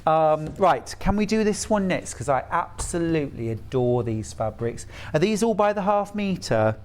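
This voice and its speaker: A man's voice: a little high, big pitch swings, normal speed. A middle-aged man from the UK presenting fabrics on a live shopping channel in a chatty, gushing, enthusiastic way.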